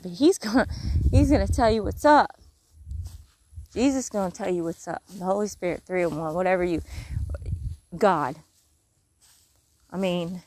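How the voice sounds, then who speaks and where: A woman with a Mississippi accent talking casually about her faith outdoors in the countryside and reading scripture aloud in folksy, halting bursts. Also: mid-range voice, a little mellow. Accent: Mississippi Southern. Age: adult, has kids. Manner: folksy, talks in short restarted bursts. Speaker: vlogger.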